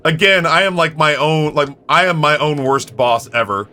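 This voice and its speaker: Guy streamer in his thirties, casual self-mocking chatter, bright, slightly high voice. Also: fairly quick, hardly any pauses. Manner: rambling, self-mocking, acts out both sides of conversations. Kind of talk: casual livestream chat.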